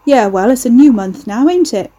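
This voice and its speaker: A woman's voice: a little high, expressive, normal speed, warm tone, voice pushed up. A woman voicing a brash, leering British man with a put-on Cockney accent who taunts and mocks. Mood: taunting.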